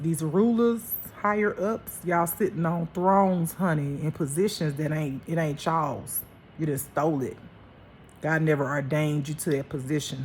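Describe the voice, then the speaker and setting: Her voice is deep with a darkish tone, set against slight background noise. In a laid-back spiritual monologue, this woman plays the life teacher, talking emphatically, laughing frequently, and using endearments like honey and baby.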